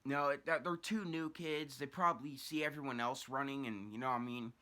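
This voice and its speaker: Bright-voiced young man ranting a story. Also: mid-range voice, fairly quick. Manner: profane, rambling, animated retelling. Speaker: vlogger telling his own story. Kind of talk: casual storytelling vlog.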